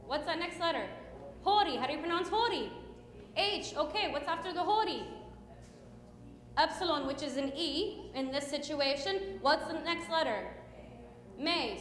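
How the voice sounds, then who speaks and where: Woman, hymn teacher, patient questioning, high voice, long hall reverb. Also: a bit bright. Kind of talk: teaching a children's hymn class. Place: church hall.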